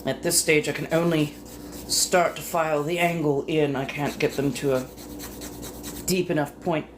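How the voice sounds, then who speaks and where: A woman's voice: deep voice, normal speed. A woman chatting casually with viewers on a live stream, teasing and flirty, full of innuendo and muttered asides. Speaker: livestream host. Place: home. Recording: steady room noise behind voice.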